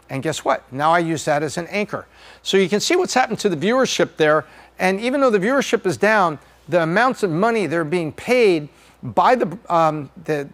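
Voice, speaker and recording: A man hosting a podcast, talking casually through slides and acting out little jokey voices. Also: high voice. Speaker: podcast host.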